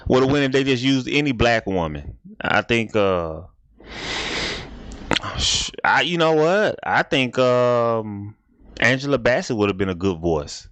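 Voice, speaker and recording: A man's voice: mid-range voice, animated, takes it slowly, a bit bright, dry recording. A man hosting a casual reaction video, talking in a rambling, repetitive, laid-back way.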